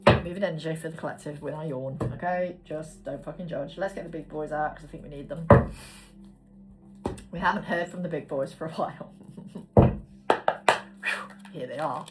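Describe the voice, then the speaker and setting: A woman's voice: low voice, fairly even intonation, normal speed, long pauses. A woman giving a casual tarot card reading, chatty and swearing casually as she talks. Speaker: tarot reader. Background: background music.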